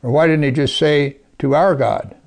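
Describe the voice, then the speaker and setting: Gravelly-voiced preacher delivering a sermon. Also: male voice, a little high, normal speed. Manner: earnest preaching, reading scripture aloud, dropping to a hush for emphasis. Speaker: pastor.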